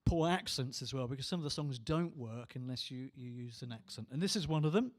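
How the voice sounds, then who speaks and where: A man's voice: medium pitch, animated, a little fast. A man, a musician and entertainer, chatting between songs with a dry, self-mocking manner on a small theatre stage. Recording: live hall with long reverb.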